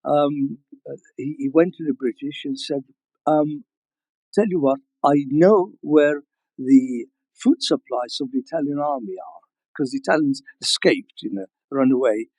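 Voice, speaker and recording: An older man from Libya recounting family history to an audience, halting with restarts and chuckles. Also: medium pitch, darkish tone, no echo, low-quality recording. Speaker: guest speaker.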